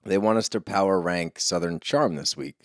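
A man's voice: sits low, normal speed, no echo, clean studio sound. A man co-hosting a podcast, teasing his partner and steering the casual reality TV chat back on track. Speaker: podcast co-host.

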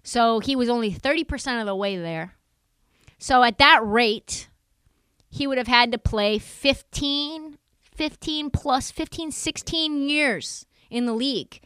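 Animated woman with a smooth higher voice. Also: measured pace, no echo. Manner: animated, jokey, acts out quotes. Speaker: podcast co-host. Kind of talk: casual sports chat.

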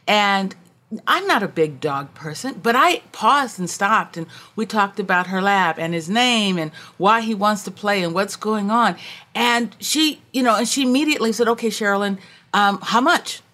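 Animated woman telling sales stories. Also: medium pitch, normal speed. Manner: animated storyteller, acts out quotes. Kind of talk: casual conversational interview.

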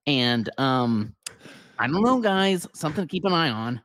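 A man doing an impression of an excitable middle-aged male sports podcaster, pushing his voice high with breathless excitement. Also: moderate pace, no room sound. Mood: excited.

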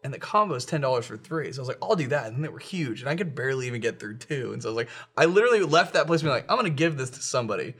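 A man's voice: mid-range voice, expressive, rapid-fire, hardly any pauses, fairly bright tone, breathy edge. A young man on a podcast telling comic stories about friends, swearing freely. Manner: profane, comic storyteller. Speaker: podcast co-host. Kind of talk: casual group chat.

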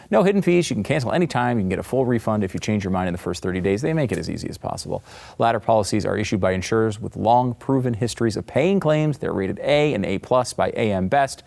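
A male talk show host with a low, gravelly voice. He moves briskly from his guest's segment into a sales pitch. His tone stays upbeat and pushy. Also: a little mellow. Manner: brisk, salesy when reading ads.

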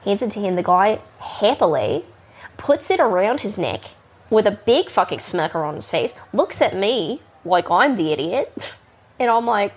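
A woman's voice: mid-range voice, very animated, moderate pace, slightly rough. A woman with a mixed Kiwi and Northern Californian accent telling a casual, crude, rambling bar story full of fillers. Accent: Kiwi and Northern Californian mix. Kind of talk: casual spoken anecdote.

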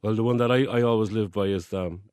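A man's voice: on the low side, fairly even intonation, fast, a little mellow, dry recording. A man from Cork with a Cork Irish accent, a guest in a casual chat, with a dry teasing humor. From Ireland, Cork.

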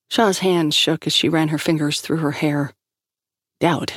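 Woman narrating fiction, steady and measured, very dry close mic. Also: low-pitched, no echo. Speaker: audiobook narrator. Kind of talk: scripted narration.

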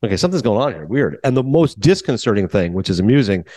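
Canadian guy in his 40s, podcast host, rattles off a story fast and acts out his own lines, dry close sound. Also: on the low side, dry recording. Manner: animated storytelling, acting out his own asides. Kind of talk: casual chat.

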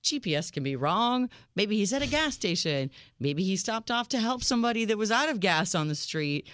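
A woman co-hosting a relationship advice radio show, giving direct, animated advice. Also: medium pitch, moderate pace.

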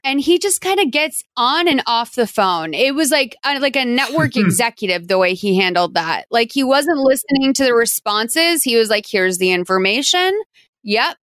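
A woman's voice: a little high, animated, moderate pace, few pauses, fairly bright tone, no room sound. A woman hosting a podcast, chatting casually and animatedly, laughing often. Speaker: podcast host. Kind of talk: casual chat.

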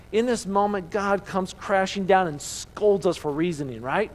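A man's voice: sits high, moderate pace, hardly any pauses, poor audio. A man preaching a sermon to his congregation, talking emphatically and firing off repeated rhetorical questions. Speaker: pastor. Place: church service with congregation.

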